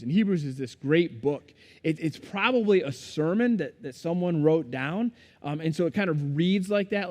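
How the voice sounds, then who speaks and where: Pastor guy preaching, pretty high voice, chatty, keeps asking the crowd stuff, big echoey church. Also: a little mellow. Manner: conversational, asks the congregation questions. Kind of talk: sermon. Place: church sanctuary.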